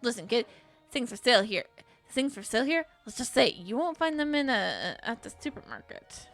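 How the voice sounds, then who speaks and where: A woman voicing a streetwise male black market dealer from a puzzle game, speaking low and conspiratorially. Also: big pitch swings, normal speed, gravelly, a bit bright, faint music behind, heavily acted. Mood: warning.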